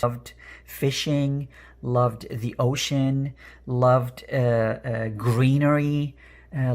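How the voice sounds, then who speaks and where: A man with a raspy, strained voice giving an earnest pick-a-card reading, repeating phrases with many fillers. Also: mid-range voice. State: emotional, voice strained. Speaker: energy worker and tarot card reader.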